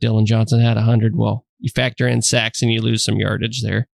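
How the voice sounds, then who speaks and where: A man's voice: on the low side, flat delivery, fairly quick, vocal fry, no echo, studio quality. A man co-hosting a sports podcast, chatting casually in a laid-back, joking, slangy way. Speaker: podcast co-host.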